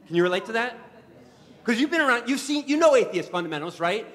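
A man giving a talk to an assembly as guest speaker, telling an animated story and repeating words as he starts sentences. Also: extremely high pitch, fast talker, long reverb tail. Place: assembly hall.

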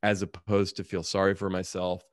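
A middle-aged man tells a personal story with earnest reflection in a lowish voice, voicing the people in it as he goes. The sound is dry and close, with no room echo. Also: monotone, normal speed. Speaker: guest, author and speaker. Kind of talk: storytelling in a podcast interview.

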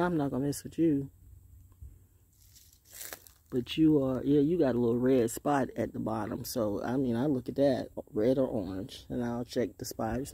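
A middle-aged woman talking casually to her phone while walking alone outdoors, rambling from one thought to the next and dropping into soft hushed asides. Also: rumbling low, creaky, slightly rough, no echo. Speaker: vlogger. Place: outdoors in nature.

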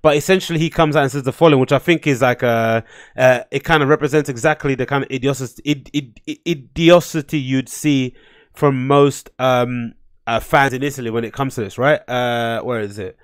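A man's voice: medium pitch, steady tone, normal speed. A man hosting his own show, giving blunt, profane, rambling commentary full of filler words. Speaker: host. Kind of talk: casual commentary.

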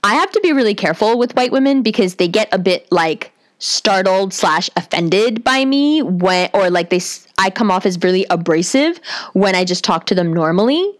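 A young woman with a deep, bassy voice telling a comic personal story, profane and animated. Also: normal speed. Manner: profane, animated, self-mocking.

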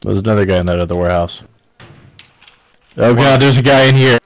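A man joking crudely and deadpan with friends during an online game. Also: on the low side, a little fast, rough recording. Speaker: gaming friend. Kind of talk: casual gaming chat.

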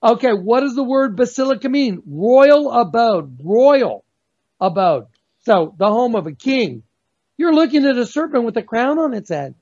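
A man giving a fervent, emphatic religious testimony as a guest on a video call, slowing down to stress key words. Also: very high voice, lively intonation, darkish tone. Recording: dull lo-fi sound.

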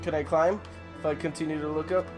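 A hoarse gaming host losing their voice, swearing and cheering through casual gameplay commentary at home. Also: medium pitch, flat delivery, fast, over music. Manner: profane, talks to the game, grunts and cheers while playing. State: hoarse, voice giving out from sickness.

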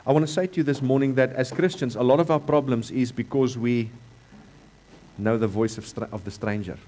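A South African man delivers a sermon in a church with a mid-range voice. He repeats his key lines for emphasis and moves between loud, rising passages and quieter, lower ones. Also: fairly quick. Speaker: pastor.

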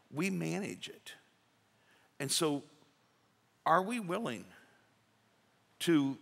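A man's voice: medium pitch, vocal fry, fairly bright tone, breathy edge. A male pastor preaching a sermon in a folksy, conversational way, acting out little quotes. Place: church sanctuary. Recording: reverberant church sanctuary.

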